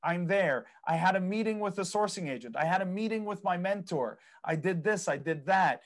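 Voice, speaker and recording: Animated man telling investing stories. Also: sits high, moderate pace. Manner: storytelling, acts out other people's quoted reactions; laughs at his own stories. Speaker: podcast guest, property investing mentor. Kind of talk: casual interview chat.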